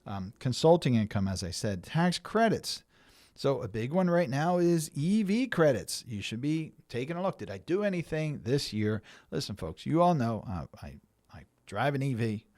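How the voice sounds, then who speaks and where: A middle-aged man talks viewers through year-end money matters in an easy, conversational way, often restarting his sentences and filling pauses. His voice sits at an ordinary pitch, and the recording is dry and close, with no room sound around it. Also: sing-song, darkish tone, dry recording. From United States. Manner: conversational, many restarts and fillers. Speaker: financial planner hosting a show. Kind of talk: explanatory talk to viewers.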